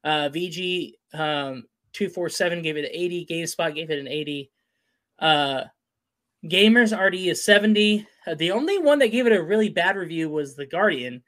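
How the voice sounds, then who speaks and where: Guy hosting a live talk stream, slightly high voice, runs through lists of scores fast and upbeat. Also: lively intonation, a bit bright. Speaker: host. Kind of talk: casual sports and gaming talk show.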